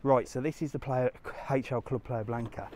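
This man's voice is medium-pitched and a little mellow, with fairly even intonation and normal speed. On a casual walking live stream through a sunny resort street, he answers questions from his chat as a travel vlogger. Slight hiss or hum is audible.

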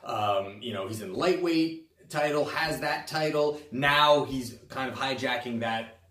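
A man's voice: medium pitch, measured pace, fairly bright tone, reverberant, recorded from a distance. A man hosting a sports podcast, talking loosely and casually with many fillers and restarts. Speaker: host. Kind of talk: sports betting podcast commentary.

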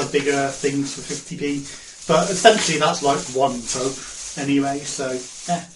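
A rambling, chatty man with a slightly high voice talks through his shopping haul, laughing often and chewing as he talks. The room is echoey, with a faint hiss behind him. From England. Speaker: vlogger. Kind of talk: casual haul video chat.

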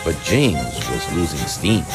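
Slow, expressive male storyteller. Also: rumbling low. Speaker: narrator. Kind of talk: storybook narration. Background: music.

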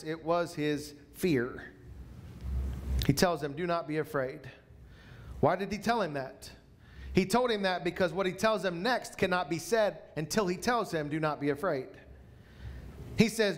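Preaching to a congregation, this high-voiced pastor speaks with emphasis and slows his pace whenever he repeats an important line.

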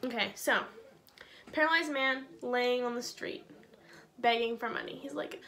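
Bubbly high-voiced woman teaching kids. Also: unhurried, pauses often, sharp tone. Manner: bubbly, chatty, lots of "like". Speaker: kids' church teacher. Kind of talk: casual children's Bible lesson.

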